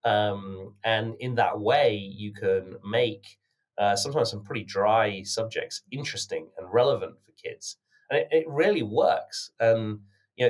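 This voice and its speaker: Low-voiced British man, earnest guest. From United Kingdom. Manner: measured and earnest, many "you know" fillers. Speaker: podcast guest, company founder. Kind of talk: conversational interview answers.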